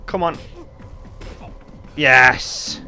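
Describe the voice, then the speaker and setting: A man's voice: mid-range voice, very slow, bright, forceful tone, faint music behind. A young Geordie man giving joking, chatty game commentary with casual swearing, talking into a desk mic. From North East England. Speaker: gaming YouTuber.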